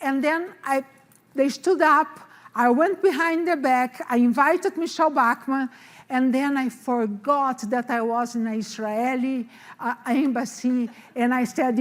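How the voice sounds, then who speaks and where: A woman in her sixties tells a personal testimony in a high voice. She speaks slowly and unhurriedly, and she acts out the voices of the people in her story with animated emphasis. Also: big-room sound. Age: 60s. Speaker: guest telling a testimony.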